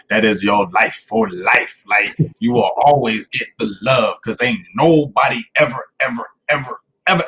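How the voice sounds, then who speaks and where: A man's voice: lowish voice, fairly bright tone, breathy edge. A man hosting a casual interview podcast who talks in a hyped, slangy, affirming way. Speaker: podcast host. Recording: dull lo-fi audio.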